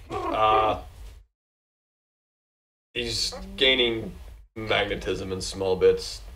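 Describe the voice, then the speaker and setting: A man playing a tabletop game, talking in a laid-back, drawn-out way. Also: fairly low pitch, sharp tone. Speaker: player. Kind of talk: casual chat at a game table. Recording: mic a bit far off.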